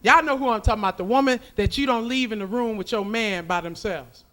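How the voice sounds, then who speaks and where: A woman's voice: fairly high pitch, fairly quick. Brash, profane woman doing stand-up. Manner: brash, profane, loud crowd work. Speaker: stand-up comedian. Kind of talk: stand-up comedy set. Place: comedy club stage.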